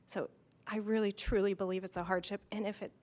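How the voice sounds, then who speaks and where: A woman's voice: medium pitch, little pitch movement, fairly quick. Heartfelt woman speaking at a hearing. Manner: heartfelt, warm toward her neighbor. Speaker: neighbor speaking at a public hearing. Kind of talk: public comment at a town meeting. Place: town hall meeting room.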